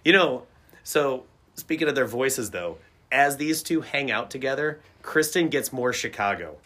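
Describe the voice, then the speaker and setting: Bright-voiced teasing male host. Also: medium pitch, animated, a little slow. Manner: teasing, joking. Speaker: podcast host. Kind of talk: casual podcast chat.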